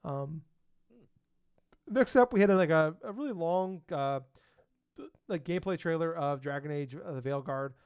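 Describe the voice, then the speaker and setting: A man with a fairly high voice co-hosts a casual podcast, running through news items with plenty of ums and uhs. His voice sounds dull and lo-fi, very dry, with no room sound. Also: expressive, moderate pace, long pauses, a little mellow, clean tone, dry recording. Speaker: podcast co-host.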